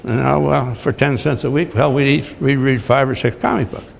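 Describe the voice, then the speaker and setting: An older man, a retired baseball manager, tells folksy, blunt, salty anecdotes to an audience in a large hall. His mid-range voice has vocal fry and a steady tone, and he speaks at a normal speed. The recording echoes around the hall.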